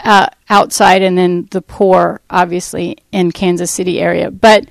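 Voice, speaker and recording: A woman giving a personal faith testimony to a church audience, telling her story in a rambling, animated way and acting out what people said. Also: lowish voice, a little slow, creaky, dry recording, poor audio. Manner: animated storytelling that acts out quoted speech; rambling, with fillers and restarts. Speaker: Christian ministry speaker.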